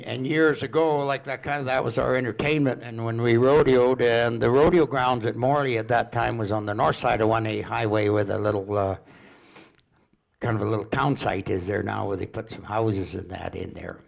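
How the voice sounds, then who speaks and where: Gravelly older man telling stories. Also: mid-range voice, fairly even intonation. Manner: rambling, unhurried, with chuckles and restarts. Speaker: local storyteller. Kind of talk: folksy storytelling at a public presentation.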